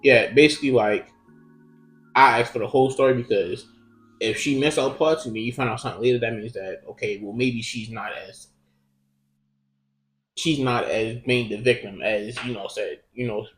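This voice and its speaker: Young man, casual storyteller, loose and profane, mid pitch, echoey room, faint music under. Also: normal speed, fairly bright tone. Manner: profane, rambling storytelling with many fillers. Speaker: podcast co-host. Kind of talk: casual chat. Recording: roomy echo.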